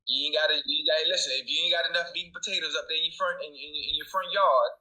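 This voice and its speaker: A man with a fairly high, very bright voice talks football on a sports show. He speaks in an easygoing, folksy manner. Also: steady tone, rapid-fire, low-quality recording. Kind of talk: sports debate talk.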